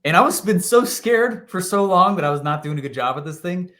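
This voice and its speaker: A man telling an animated story as an interview guest, laughing often and acting out what people said. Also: high voice, fairly quick. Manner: animated, laughing, acts out quotes. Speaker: guest, marketing entrepreneur.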